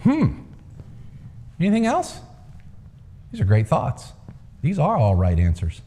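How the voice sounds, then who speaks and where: Animated male storyteller in a hall. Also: on the high side, slow pace, breathy edge. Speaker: speaker, coach. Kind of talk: storytelling talk to a live audience. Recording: long hall reverb.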